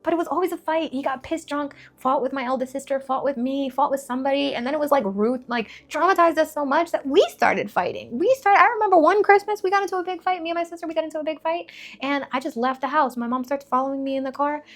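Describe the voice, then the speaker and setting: A woman in her twenties frankly sharing a personal faith testimony to camera, emotional and direct, with quick asides and repeated phrases. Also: high-pitched. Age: 20s. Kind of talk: candid personal testimony vlog.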